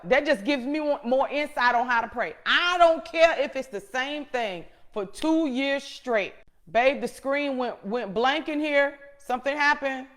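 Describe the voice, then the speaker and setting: A middle-aged woman hosts her own show and speaks straight to her viewers with a fervent, preacherly delivery. Her voice sits fairly high. She drives points home by repeating phrases, and she drops to a near-hush before swelling back to loud emphasis. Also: measured pace. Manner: shifts between soft hushed moments and loud emphatic ones. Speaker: show host. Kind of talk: motivational talk to viewers.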